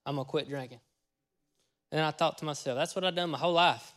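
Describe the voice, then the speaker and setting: A man preaching a testimony sermon, telling his story in a folksy way and acting out his own words with sudden loud bursts. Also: on the high side, steady tone, fast talker. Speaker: pastor.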